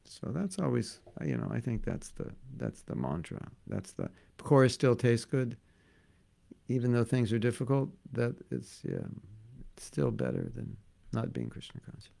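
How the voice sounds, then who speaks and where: Guy giving a laid back spiritual class, super gravelly, lots of jokes. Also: medium pitch, wildly swooping pitch, normal speed, dark tone. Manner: joking, conversational, repeats for emphasis. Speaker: spiritual teacher. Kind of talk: casual devotional class.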